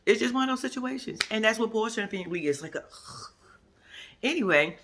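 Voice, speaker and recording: A woman talks through a reality episode in a casual vlog. She is sassy and profane, with a very lively pitch that leaps as she acts out what the cast said. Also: a little fast, slight background noise. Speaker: reality TV commentator.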